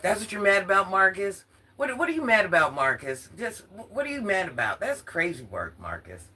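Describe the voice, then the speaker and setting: A woman's voice: mid-range voice, big pitch swings, a little fast, bright, forceful tone, a little hiss or hum. An older woman from Atlanta ranting casually in a sassy, confrontational vlog, often laughing as she talks. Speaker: social media commentator.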